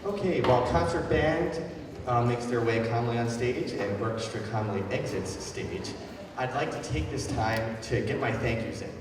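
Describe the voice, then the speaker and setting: A man's voice: medium pitch, moderate pace. A man, a new school music director, giving chatty, self-deprecating thank-yous between sets at a concert. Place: concert hall. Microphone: far from the recording mic. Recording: echoey hall from far off, crowd noise.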